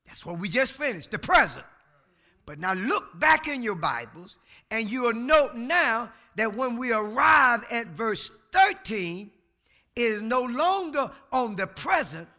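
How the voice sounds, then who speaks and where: A man preaching a sermon who shouts his key words and banters with the congregation in folksy asides. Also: extremely high pitch.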